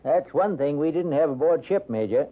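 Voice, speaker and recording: A retired schooner skipper with a fairly high voice. He speaks plainly and bluntly. The sound is thin and lo-fi, like an old radio broadcast. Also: expressive, moderate pace. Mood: gruff. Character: retired fishing-schooner captain. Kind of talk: 1940s radio acting.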